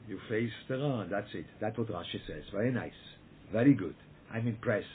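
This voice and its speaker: A man with a fairly low voice teaches a Torah lesson as a rabbi, pressing each point hard and repeating himself. He keeps checking in with his listeners as he answers their questions. He comes through a thin, phone-like line with a faint hiss behind him. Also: lively intonation, a little fast. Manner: emphatic, repeats words, checks in with "yeah?" and "okay?".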